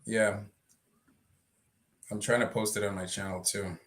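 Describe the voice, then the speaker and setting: Low, bright-voiced man chatting on a livestream. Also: fairly even intonation, measured pace. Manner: laughs often, loose and chatty. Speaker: livestream co-host. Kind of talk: casual livestream chat.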